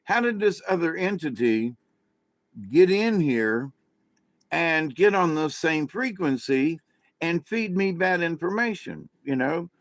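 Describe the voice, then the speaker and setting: A man's voice: on the high side, animated, slow, no room sound, voice pushed up. A man voicing indignant spirit guides, complaining in disbelief. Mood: exasperated. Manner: incredulous, complaining.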